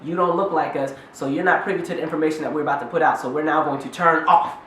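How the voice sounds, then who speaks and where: A man's voice: a little high, fairly even intonation, fast talker, fairly bright tone, echoey room, a little hiss or hum, natural voice. A man voicing a television set that primly refuses to let certain viewers watch. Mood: dismissive.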